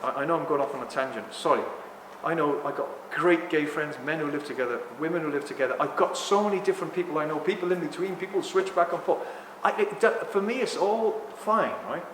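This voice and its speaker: A man in his sixties speaks to a live audience, rambling and animated, ranting and then apologizing for it. His voice sits a little high. The sound is roomy, with a long hall reverb and faint background noise. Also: fast talker, few pauses. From England. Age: 60s. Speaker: speaker at a talk.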